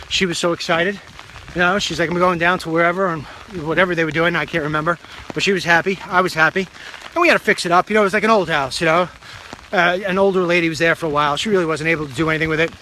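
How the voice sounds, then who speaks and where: A man's voice: on the high side, bright, forceful tone, a little hiss or hum, poor audio. A middle-aged man hosting a live talk, telling a long story in a chatty, digressive, self-deprecating way into a phone. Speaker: talk show host.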